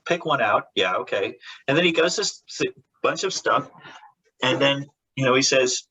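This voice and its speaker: A man's voice: medium pitch, animated, brisk, bright, forceful tone, breathy edge, faint music behind, poor audio. A man who works as a comic book artist, a guest in a casual interview. He tells rambling stories with many restarts and laughs, and briefly acts out the voices of the people in them.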